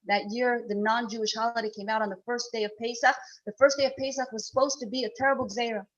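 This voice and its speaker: A woman giving an earnest inspirational talk to a women's gathering, telling a story and swelling and dropping in loudness. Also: fairly high pitch, steady tone, quick pace. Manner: earnest, rising and falling in loudness. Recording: dull lo-fi recording.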